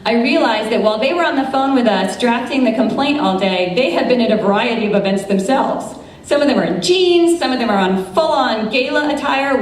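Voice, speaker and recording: An American woman in her thirties, an attorney, telling a true story on stage with lively quoted dialogue. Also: on the high side. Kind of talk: live storytelling performance. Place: large event space, live audience. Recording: echoey room from far off.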